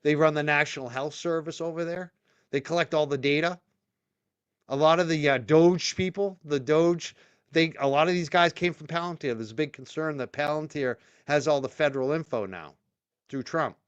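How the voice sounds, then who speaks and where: A man hosting a live stream talks in a rambling, opinionated way and restarts his sentences often. His voice sits a little high and comes through smooth and clear. The sound is dry and close, with no room echo. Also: normal speed, dull audio. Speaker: show host.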